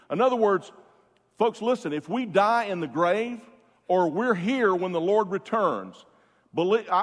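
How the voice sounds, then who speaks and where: A man's voice: high-pitched, in a large hall. A man preaching a sermon as pastor, building to emphatic rises and stretching out key words, with frequent restarts.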